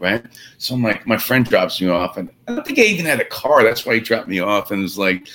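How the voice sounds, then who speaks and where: A man's voice: fairly low pitch, a little fast. A middle-aged man, a rock drummer telling stories in a casual interview and acting out the quoted lines. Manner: animated, acts out quotes in stories.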